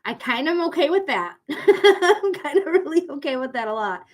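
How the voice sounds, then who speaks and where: A woman's voice: high-pitched, sing-song, moderate pace. A woman hosting a live psychic reading stream, chatting casually in a blunt, profane way with frequent laughs. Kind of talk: casual livestream chat.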